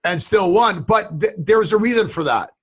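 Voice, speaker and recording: A man co-hosting a casual talk show, telling stories in a rambling, animated way. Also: sits high, moderate pace, slightly rough. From western United States. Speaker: podcast co-host. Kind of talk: casual chat.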